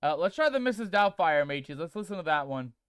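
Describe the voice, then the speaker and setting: A man's voice: a little high, very animated, quick pace, a bit bright, clean tone, dry recording, studio quality. A man streaming a game, chatting casually and playfully with viewers he calls mateys while reading chat aloud. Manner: reads chat aloud and tests text-to-speech voices.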